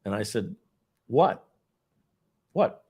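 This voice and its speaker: Animated man telling a story. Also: lowish voice, very slow, husky. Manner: animated storytelling, acts out quoted voices. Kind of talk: casual anecdote.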